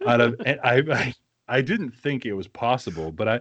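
A man's voice: medium pitch, lively intonation, moderate pace, fairly bright tone, dry recording, dull audio. A man with a New England accent, co-hosting a casual podcast chat in a blunt, teasing way and swearing freely. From Massachusetts, New England. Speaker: podcast co-host.

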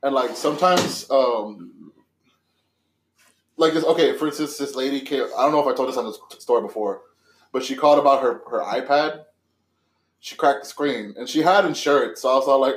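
A man's voice: mid-range voice, moderate pace, pauses often. A man hosting a casual podcast, telling stories in a loose, profane way and laughing often. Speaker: podcast host. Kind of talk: casual chat. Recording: echoey room.

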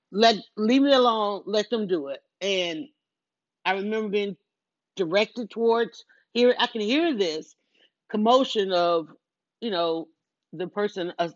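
A woman tells a story from her own life in an earnest, rambling way, often restarting and turning aside to the listener. Her voice sits at an ordinary middle pitch. The recording is dry and somewhat dull and lo-fi. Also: dry recording. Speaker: mother telling a personal story. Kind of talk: casual personal storytelling monologue.

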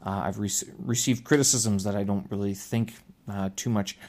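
A man's voice: on the low side, steady tone, normal speed, a little mellow. Rambling male podcast host. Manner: rambling, with frequent restarts and filler. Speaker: podcast host and English teacher. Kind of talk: casual solo podcast monologue. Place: lives in China.

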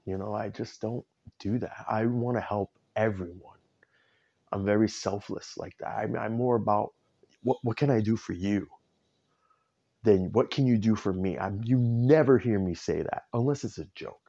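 A man's voice: fairly low pitch, moderate pace, gravelly, mellow, lo-fi sound. A man rambling through a candid personal vent, tearful and stumbling over his words. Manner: rambling, self-interrupting, candid. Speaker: vlogger. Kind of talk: personal emotional vent to camera.

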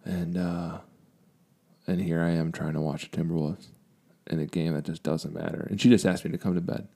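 A man's voice: low voice, level tone, normal speed, creaky. A young adult man on a podcast, casually and candidly telling a personal story with self-deprecating humor. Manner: candid, self-deprecating, drops to a quiet reflective tone. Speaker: podcast co-host.

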